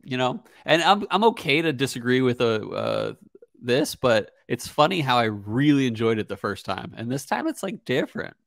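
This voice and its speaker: A man co-hosting a podcast, talking in a relaxed, hesitant way. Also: medium pitch, normal speed, creaky, no echo, clean studio sound. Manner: relaxed, hesitant, lots of fillers. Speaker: podcast co-host. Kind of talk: casual chat.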